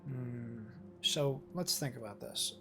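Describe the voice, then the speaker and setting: A man's voice: medium pitch, takes it slowly, pushed and bright. A man streaming a video game, chatting casually, thinking aloud and swearing freely as he plays. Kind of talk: casual gameplay commentary. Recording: game music playing behind.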